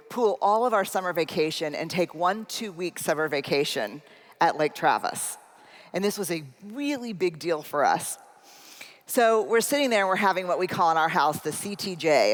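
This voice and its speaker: In a big conference hall with long reverb, a middle-aged woman delivers a keynote at normal speed, her low-pitched voice expressive. The talk is funny and self-deprecating, built on a personal story, and she speaks straight to the audience.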